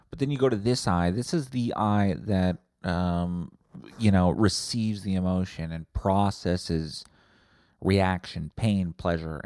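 A man's voice: on the low side, darkish tone, dry recording, studio quality. Rambling, profane male podcast host. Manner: rambling, profane, tangent-hopping. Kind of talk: rambling comedic monologue.

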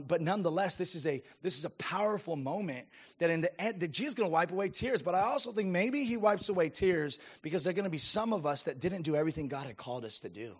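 Man, pastor, sermon, high-pitched, emphatic, addresses the congregation. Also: slightly rough. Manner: emphatic preaching with audience call-outs.

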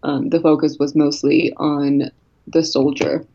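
A hoarse woman co-hosting a podcast, chatting casually into a podcast microphone and laughing easily. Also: low voice, little pitch movement, measured pace, warm tone, lo-fi sound. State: hoarse from a cold. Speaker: podcast co-host.

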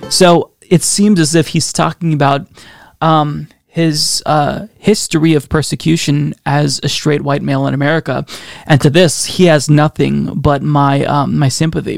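A man's voice: a little high, vocal fry, dry recording. A man hosting a podcast, reading out song lyrics with sarcastic, dry, mocking asides. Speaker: podcast host.

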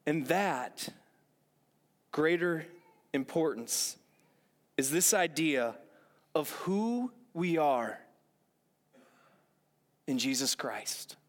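A man's voice: on the high side, animated, drawn-out words, pauses often. A man preaching a sermon as a pastor, earnest, repeating phrases for emphasis and asking rhetorical questions. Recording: long echoing hall reverb.

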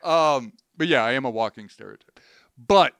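A man's voice: mid-range voice, expressive, normal speed, gravelly, a bit bright, smooth, no room sound. A young man co-hosting a podcast in casual chat, jokey and laughing often. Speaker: podcast co-host.

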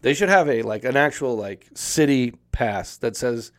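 A man's voice: medium pitch, lively intonation, normal speed, no echo, clean studio sound. A young man in casual conversation, telling a long story with plenty of energy. He laughs through his own punchlines and swears freely. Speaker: podcast guest telling a story. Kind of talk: casual chat.

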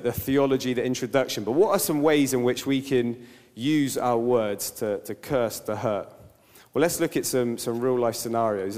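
A man's voice: mid-range voice, darkish tone. A man preaching a sermon in an earnest tone, acting out everyday examples. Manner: earnest, with acted-out quotes and examples. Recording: long hall reverb.

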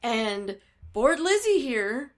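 Animated woman telling a story in casual chat. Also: a little high, takes it slowly. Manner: animated storyteller, acts out quotes, laughs often. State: a little hungover.

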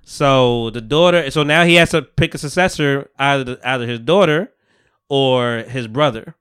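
A man's voice: mid-range voice, moderate pace, smooth. A man hosting a podcast, casually recapping a TV episode with lots of laughter and acted-out lines. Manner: animated storytelling, acts out characters, laughs a lot. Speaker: podcast host.

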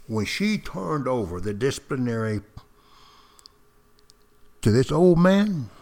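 Older man, ex-Marine, folksy storyteller, dramatic pauses, talks straight to listeners, middle pitch. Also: very animated, darkish tone.

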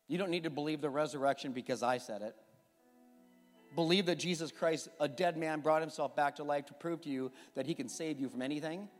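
With a slightly high voice and fairly even intonation, a fervent pastor moves fairly quickly through a sermon and closing prayer, climbing to impassioned emphasis. The church sanctuary lends long reverb, and faint music plays.

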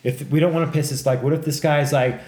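Speaking fast in a fairly high voice, a man co-hosting a podcast spins a casual, profane story and animatedly impersonates the people involved. The room he's recorded in is echoey.

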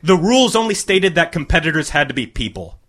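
Bright-voiced man reading a comic story. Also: fairly high pitch, very animated, fairly quick.

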